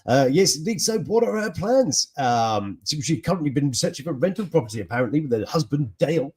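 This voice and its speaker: Jokey guy chatting the news, husky voice, all over the place pitch-wise. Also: big pitch swings, a little fast, hardly any pauses, darkish tone. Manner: chatty, jokey, laughing asides. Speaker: host. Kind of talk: casual news chat.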